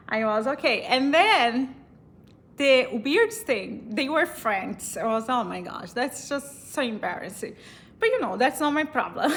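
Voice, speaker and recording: A woman's voice: on the high side, sharp tone. A woman from Brazil with a Brazilian accent, casually telling a personal story in English, chatty and laughing often between fillers and restarts.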